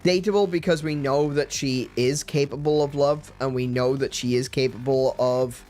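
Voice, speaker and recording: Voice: mid-range voice, fairly even intonation, moderate pace, a little mellow, soft background music. A stream host chatting casually, often restarting sentences and laughing.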